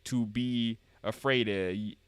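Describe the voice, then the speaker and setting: A man voicing a stern, protective old grandfather in a put-on Southern US drawl, with a folksy, drawn-out way of talking. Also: medium pitch, steady tone, clean tone, no echo, close to an everyday voice.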